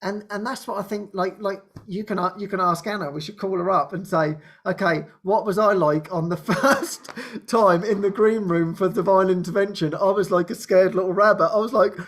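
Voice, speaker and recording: Halting, laughing man hosting a spiritual talk. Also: high voice, steady tone. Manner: halting restarts, laughs often, acts out quoted speech. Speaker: host.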